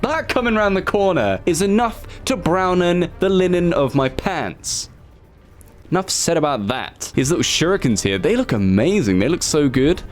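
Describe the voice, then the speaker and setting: A man giving casual, excitable commentary as a gaming YouTuber. He swears freely and jokingly scolds himself as he talks. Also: fairly high pitch, moderate pace.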